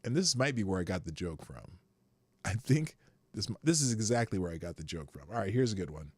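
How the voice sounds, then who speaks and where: A man hosting a live show, rambling through casual commentary with frequent swearing and sudden jumps in pitch. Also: sing-song, brisk, a little mellow, husky, dry recording.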